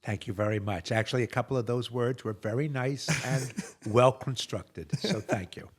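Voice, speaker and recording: A man on a show as a guest, telling stories and jokes in animated conversation with big swings between loud and hushed. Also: medium pitch, breathy edge. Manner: animated joke teller, quick shifts between loud and hushed.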